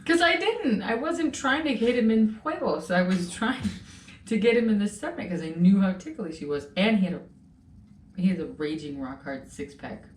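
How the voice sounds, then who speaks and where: A woman hosting a casual video, telling stories in an animated way. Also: medium pitch, normal speed. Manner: animated storytelling. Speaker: host. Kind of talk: casual chat. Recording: roomy, a bit far from the mic, faint noise.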